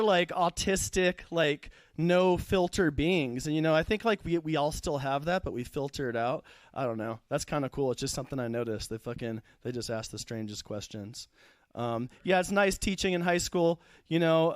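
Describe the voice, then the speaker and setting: A man's voice: on the high side, clean tone, dry recording. A young man performing a stand-up comedy set at a live show, rambling, profane and losing his thread.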